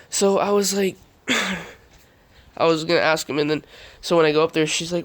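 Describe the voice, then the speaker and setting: A man's voice: a little fast, fairly bright tone, a little hiss or hum. A man in his early twenties, rambling through a casual vlog story with lots of fillers and self-corrections. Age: 20s. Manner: rambling, lots of fillers, acts out quotes in higher voice. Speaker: vlogger.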